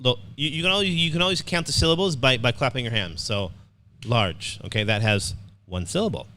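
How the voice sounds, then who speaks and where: A man's voice: mid-range voice, fairly quick, pushed and bright, slight background noise. Upbeat man teaching an online class. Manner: upbeat, repeats words, checks in with "okay". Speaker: English writing teacher.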